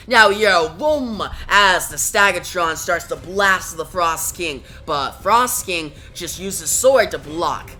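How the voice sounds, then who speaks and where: A woman's voice: fairly low pitch, expressive, slow pace, hardly any pauses, pushed and bright, faint music behind. A woman reviewing a comic book, narrating the action step by step in a plain, recounting manner. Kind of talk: reading and narrating a comic aloud.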